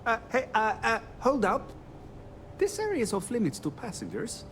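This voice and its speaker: A man's voice: extremely high pitch, huge pitch swings, normal speed, a bit bright, slight background noise, exaggerated voice. An actor voicing a nervous, apologetic male starship engineer in a video game, stammering through his lines with lots of fillers. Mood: hesitant.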